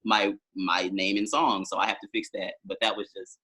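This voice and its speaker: Husky, forceful low-voiced man. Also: little pitch movement, moderate pace. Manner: rambling storytelling with many fillers. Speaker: musician guest. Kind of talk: casual podcast conversation.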